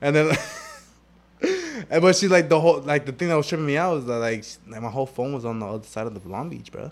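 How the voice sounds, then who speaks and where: A man's voice: fairly high pitch, big pitch swings, fast. Laid-back young man telling stories. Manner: loose, profanity-heavy, rambling storytelling with restarts. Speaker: podcast co-host. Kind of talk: casual storytelling chat.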